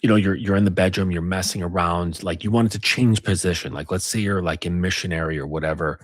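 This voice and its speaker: Husky-voiced male dating coach. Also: low voice, quick pace, no room sound, clean studio sound. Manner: insistent, repeats tag questions. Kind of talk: casual advice monologue.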